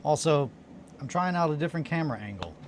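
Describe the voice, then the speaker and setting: A man's voice: fairly high pitch, lively intonation, fast, background noise. A tired man hosting a casual hobby livestream from his home workshop, telling a story in a rambling way with restarts and fillers. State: tired, just woken up.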